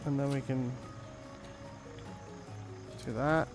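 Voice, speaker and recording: A man's voice: medium pitch, steady tone, takes it slowly, gravelly, over music. A young man chatting casually while playing a game, rambling with many fillers. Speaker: gaming channel host. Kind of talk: casual gameplay commentary.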